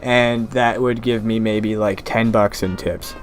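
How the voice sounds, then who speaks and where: A young man rambling in a mumbling monotone about his summer job. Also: lowish voice, unhurried. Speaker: gaming vlogger. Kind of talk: rambling casual commentary over gameplay. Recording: faint music behind. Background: faint background music.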